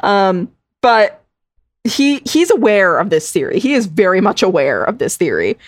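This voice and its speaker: A woman's voice: mid-range voice, very animated, normal speed, dry recording, clean studio sound. A woman co-hosting a podcast, telling a story in a chatty way, swearing freely and laughing often. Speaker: podcast co-host. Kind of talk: casual podcast chat.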